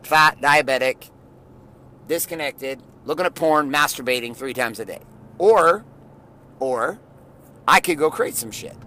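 A middle-aged man giving an intense, blunt motivational monologue, swearing often and rising at times to shouting. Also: a little high, a little slow, long pauses. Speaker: motivational podcast host.

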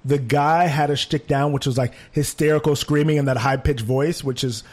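A man in casual conversation, critiquing a theater production with animated asides. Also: a little high, moderate pace. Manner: animated, mimics voices when quoting. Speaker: theater reviewer.

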